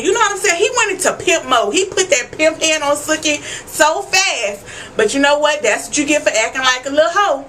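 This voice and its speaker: Bright-voiced woman doing a slangy recap. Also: high-pitched, moderate pace, slight background noise, rough recording. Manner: animated, slangy, talks straight to viewers; loud asides and frequent swearing. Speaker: vlogger. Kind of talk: casual TV episode recap.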